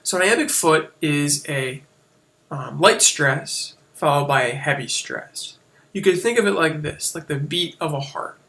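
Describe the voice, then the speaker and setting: A man with a bright, slightly high voice walks through a lesson over a shared screen. He talks casually and explains step by step, with fillers and quick self-corrections. The sound comes from a computer mic. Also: lively intonation. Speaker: teacher.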